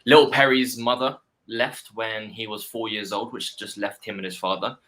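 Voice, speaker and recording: A man from West London with a London accent, a guest speaking warmly and effusively in a casual interview. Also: on the low side, steady tone, normal speed, low-quality recording. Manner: warm, effusive, enthusiastic.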